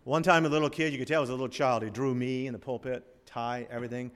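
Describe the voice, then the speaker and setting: A man's voice: mid-range voice, fairly even intonation, quick pace, a bit bright. A man preaching a sermon in a church, conversational and joking as he teaches. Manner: conversational preaching with asides and humor. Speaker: pastor. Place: church sanctuary. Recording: long hall reverb.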